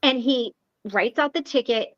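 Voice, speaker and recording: A high-pitched woman hosts a live recovery meeting and tells a story in a casual, animated way, often laughing. Her voice is dry and close, with dull lo-fi sound. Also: moderate pace, no echo.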